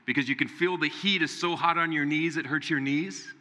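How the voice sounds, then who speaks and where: A man preaching a sermon, animated and direct, often acting out Bible figures in a raised voice. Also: a little high, brisk. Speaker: pastor. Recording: reverberant hall.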